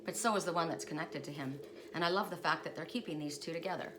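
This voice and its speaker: Here an oracle card reader speaks fast in a deep voice, chatty and rambling, restarting sentences again and again during her casual spiritual reading. It's a noisy recording made at home.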